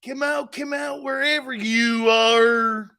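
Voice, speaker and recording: A man doing a slow, sing-song impression of a menacing redneck stalker taunting someone to come out. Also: extremely high pitch, fairly even intonation, bright, forceful tone, smooth, voice pushed up, exaggerated voice.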